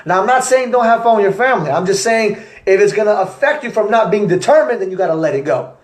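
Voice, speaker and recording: A young man, an entrepreneur, giving an energetic motivational talk to camera with repetitive, punchy phrasing. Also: high voice, fast talker. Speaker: entrepreneur vlogger. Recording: echoey room.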